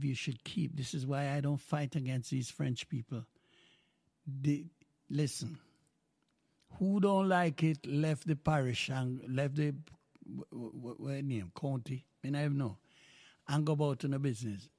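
A man's voice: medium pitch, gravelly, a little mellow, no echo, studio quality. An older man from Jamaica with a Jamaican accent, hosting a radio show in a rambling, folksy chat that slips into patois. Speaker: radio host.

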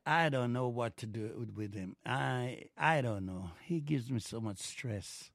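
A man's voice: mid-range voice, a little slow, vocal fry, hardly any pauses, dry recording, studio quality. A man hosting a community radio show, chatting and teasing callers, slipping into Jamaican phrasing. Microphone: studio mic.

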